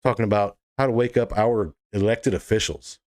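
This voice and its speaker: A man's voice: lowish voice, normal speed, darkish tone. A man delivering an impassioned monologue to camera as a political video blogger, fiery, emphatic and indignant.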